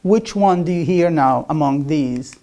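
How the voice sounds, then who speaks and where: An English teacher gives a recorded distance-learning lecture. The teacher speaks slowly through a gravelly, creaky voice. Each word is repeated several times and stressed loudly, as in a pronunciation drill. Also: medium pitch. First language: Arabic. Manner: drills words by repeating them with loud emphasis.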